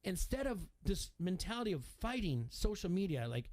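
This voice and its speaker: A middle-aged man co-hosting a sports radio show, talking in a rambling, animated way with many restarts. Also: high-pitched, moderate pace. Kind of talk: casual sports talk.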